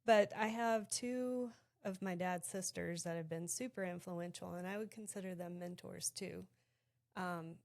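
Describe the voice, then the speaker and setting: Low-voiced woman, reflective and personal. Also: a little mellow. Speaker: podcast co-host, realtor. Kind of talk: casual chat.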